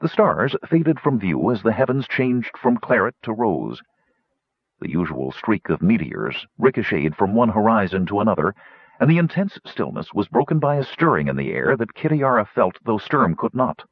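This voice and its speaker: A man narrates a fantasy story in a dramatic, measured way. His husky, low voice swoops widely. The recording is dry, dull and lo-fi. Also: sing-song, no room sound. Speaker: audiobook narrator.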